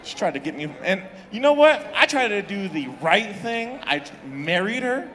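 A young man doing a crude stand-up set in a comedy club, animated and laughing at his own jokes. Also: high-pitched, moderate pace. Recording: reverberant club from the room.

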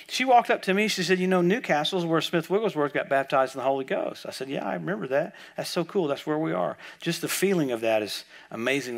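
A man with a somewhat higher-pitched voice preaches at a church service. He tells stories animatedly, sliding from hushed asides into loud, emphatic outbursts. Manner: storytelling, swings from quiet asides to loud emphatic bursts. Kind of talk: sermon.

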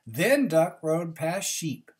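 Low-voiced woman reading a picture book aloud. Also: sing-song, slow, a little mellow. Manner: chatty asides to young listeners. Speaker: reader.

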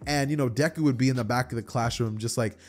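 A man's voice: mid-range voice, fast. Rambling casual male storyteller. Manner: rambling, lots of fillers. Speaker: storyteller, channel host. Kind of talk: casual fan-story narration.

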